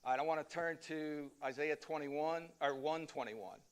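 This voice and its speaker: A man's voice: on the high side, normal speed, clean tone. A man teaching a Sunday Bible class at church in a loose, conversational way, with fillers and restarts.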